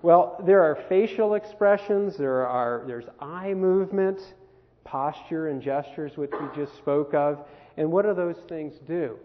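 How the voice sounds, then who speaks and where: A man's voice: on the high side, a little slow, slight background noise. A man presenting a workshop on communication to a camp group, talking conversationally and asking the group questions. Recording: phone-quality recording in a reverberant hall.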